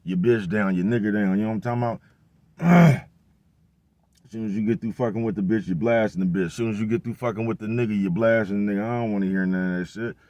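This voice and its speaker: A man's voice: fairly low pitch, fast talker, a little mellow, no room sound. A man, rambling in a casual monologue full of profane street slang and constant "bruh". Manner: rambling, profane street slang, repeats "bruh" and "you know what I'm talking about". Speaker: vlogger.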